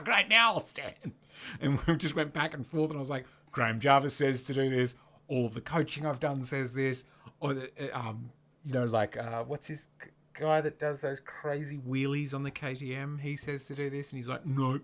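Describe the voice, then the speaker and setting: A young man co-hosting a casual livestream, animated, often mimicking other people's comments in mocking voices. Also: medium pitch. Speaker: co-host of motorcycle channel.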